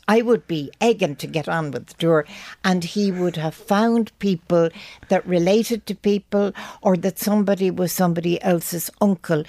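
An older Irish woman, an author being interviewed on radio, telling anecdotes in a brisk, wry way. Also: lowish voice, gravelly, darkish tone, no echo. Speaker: author guest.

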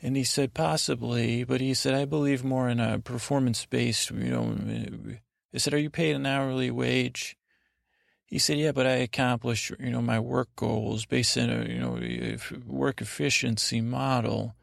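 A man hosting a podcast, telling a rambling, halting bedtime story in a gravelly voice. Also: medium pitch, no room sound, studio quality. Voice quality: gravelly, creaky. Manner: meandering, halting, monotone delivery. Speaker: podcast host.

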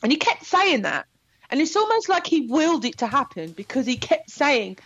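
A woman actor chatting as an interview guest, telling animated stories with laughter. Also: high voice, moderate pace, no echo, lo-fi sound. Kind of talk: casual interview chat.

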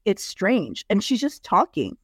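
Woman cohost telling stories, chatty, bit of a deep voice, dry mic. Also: huge pitch swings, measured pace, breathy edge, dry recording. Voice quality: can sound deep. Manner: chatty, leans hard on "like", storytelling. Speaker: podcast co-host. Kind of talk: casual chat.

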